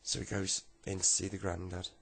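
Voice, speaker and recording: Gravelly-voiced man telling a joke. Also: sits low, fairly quick. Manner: animated, acts out the voices. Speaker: storyteller. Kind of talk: comic storytelling.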